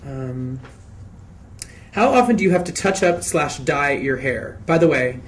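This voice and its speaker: A man in a casual live Q&A, reading fan questions aloud and answering in a chatty, expressive way, often restarting his sentences. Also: on the high side, measured pace.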